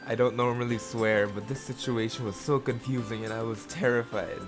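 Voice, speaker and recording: Over music, a medium-pitched host works through fan fiction for a relaxed reaction video. Stretches of slow, even reading are interrupted by loud, shocked, expletive-laden reactions.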